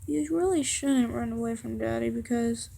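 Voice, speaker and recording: A woman voicing a possessive, menacing young man who speaks in a hushed, coaxing way in a fan story. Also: on the high side, steady tone, moderate pace, creaky.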